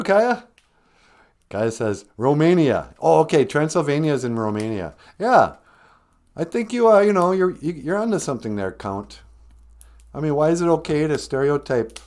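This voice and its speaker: A man hosting a comedic live stream, joking with viewers, laughing often and making deadpan asides. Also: fairly high pitch, normal speed, pauses often. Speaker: host.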